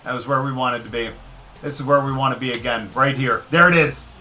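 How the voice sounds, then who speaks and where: In a brisk, excitable let's-play, a gaming video creator comments on a baseball video game, speaking straight to it. Every pitch draws a cheer or a groan from him.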